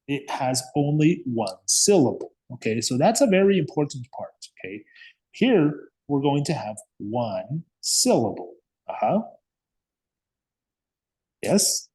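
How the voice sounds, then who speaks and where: A man's voice: medium pitch, sing-song, slow, pauses often, darkish tone, breathy edge. A man teaching an English grammar lesson, patiently repeating words and checking understanding with frequent "okay?" and "yes?".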